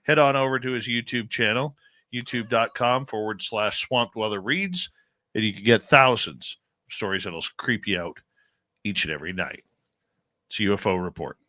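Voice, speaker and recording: Bright-voiced male talk radio host. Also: fairly low pitch, moderate pace, no room sound. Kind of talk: casual talk radio chat.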